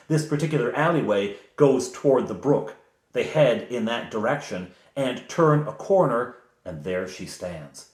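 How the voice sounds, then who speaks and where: A male game master recounting a tabletop session in an animated, chuckling storytelling manner. His pitch sits mid-range but rises and falls freely. The room is echoey. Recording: roomy echo.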